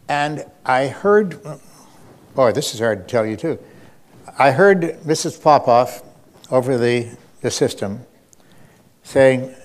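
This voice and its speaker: A man telling an anecdote in a wry, unhurried way, often pausing with fillers and chuckling. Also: mid-range voice. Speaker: storyteller. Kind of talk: anecdotal talk.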